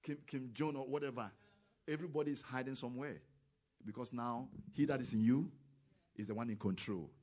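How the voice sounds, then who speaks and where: A man preaching a sermon, who talks with grammar, acts out quoted voices and rises to loud, emphatic exclamations. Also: mid-range voice, brisk.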